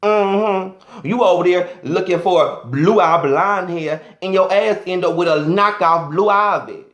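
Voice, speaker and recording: A man's voice: high voice, measured pace, a bit bright, echoey room. A man doing a sassy, flamboyant, profane comic rant as a vlogger.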